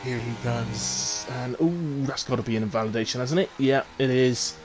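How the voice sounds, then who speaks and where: A man's voice: medium pitch, steady tone, normal speed, music in the background. A middle-aged man giving chatty live commentary on a sim race, with jokey asides.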